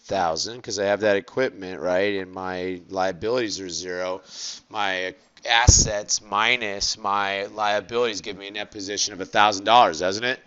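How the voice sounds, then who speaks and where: A man teaching an accounting lecture, asking the class quick rhetorical questions and stretching out key words. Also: on the low side, fairly even intonation, sharp tone, smooth, muffled recording.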